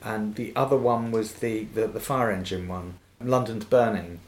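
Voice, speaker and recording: A man's voice: on the low side, steady tone, normal speed. An older man, an actor guest, telling anecdotes in a podcast interview, laughing often and acting out quoted voices. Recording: echoey room with faint noise.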